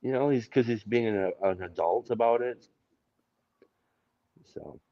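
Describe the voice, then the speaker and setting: A livestream co-host with a medium-pitched voice talks a little slowly, joking around, wandering off topic, and laughing a lot. The audio is muffled and lo-fi.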